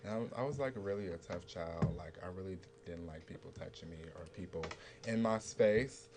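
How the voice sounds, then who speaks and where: A man's voice: low voice, a little fast, very noisy. A young man co-hosting a youth talk show, laid-back and chatty, leaning on fillers. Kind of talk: casual talk-show chat.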